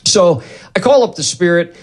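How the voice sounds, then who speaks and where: A man with a somewhat high speaking voice delivers a sermon as a story. He acts out the back-and-forth of the exchanges with lively energy, like a pastor holding a congregation's attention. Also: moderate pace. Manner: animated, acts out both sides of dialogues. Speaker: pastor leading deliverance ministry.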